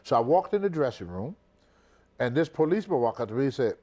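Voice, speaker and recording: An older man, once a professional wrestler, is being interviewed and tells his story with animated energy, performing all the characters' voices. He speaks fast, his voice neither high nor low.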